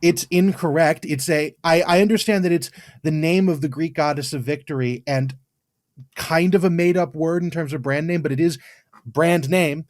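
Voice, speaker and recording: An English man co-hosting a podcast, talking bluntly and swearing freely. His voice sits a little high for a man. The sound is dry and close to the mic, with no room echo. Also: moderate pace. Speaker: podcast co-host. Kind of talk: casual chat.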